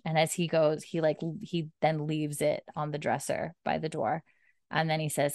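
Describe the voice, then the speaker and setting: A woman hosting a podcast, recapping a TV episode at home in a casual, animated way, full of "she's like". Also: deep voice, moderate pace, no room sound, studio quality. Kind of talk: casual chat. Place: home, with pets nearby.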